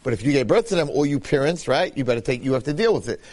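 Animated man teaching a Torah class. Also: mid-range voice, very fast. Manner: animated, acts out quotes, repeats phrases.

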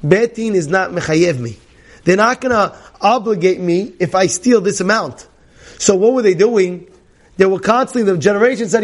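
A male rabbi giving a Torah class, telling animated stories, often laughing and repeating himself. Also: sits high, a little fast. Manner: animated storytelling, many repetitions; laughs often while talking.

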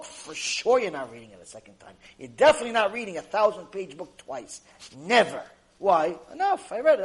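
A man's voice: high-pitched, rough recording. A man giving a Torah lecture as a rabbi, telling stories animatedly, often repeating himself. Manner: animated, repetitive, acts out the people in his stories.

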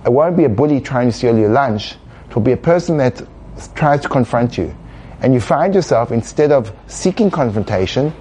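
Mellow-voiced man explaining with energy. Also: mid-range voice, a little hiss or hum. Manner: animated, acts out inner voices, laughs at own jokes. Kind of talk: conversational explanation.

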